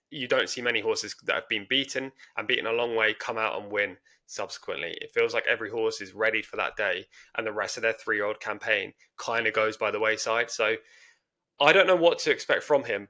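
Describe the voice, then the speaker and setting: A man's voice: lowish voice, a little fast, pushed and bright. A man co-hosting a podcast, casually breaking down horse racing form with careful, hedging analysis. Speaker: podcast co-host.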